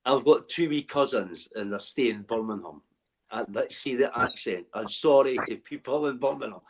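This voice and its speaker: A man's voice: mid-range voice, normal speed, low-quality recording. A Scottish man on a casual stream chat, laughing and swearing as he jokes about accents. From Scotland.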